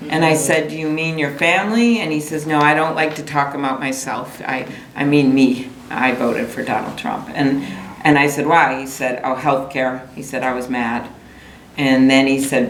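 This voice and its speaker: Low-voiced woman giving a stump speech. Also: a little hiss or hum. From Minnesota. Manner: storytelling, conversational and folksy. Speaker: political candidate. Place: rally in a room with a crowd. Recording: echoey room, faint ambience.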